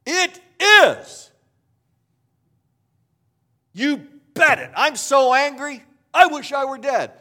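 A preacher voicing a bitter, petulant prophet in a loud, shrill, whining outburst. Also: male voice, sing-song, slow pace, long pauses, heavily acted. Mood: furious. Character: sulking furious male prophet, petulant and bitter.

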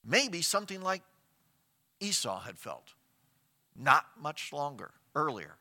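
Bright-toned man preaching a sermon. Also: on the high side, sing-song, slow pace. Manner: storytelling preacher, rhetorical questions, varies loudness for emphasis. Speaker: pastor.

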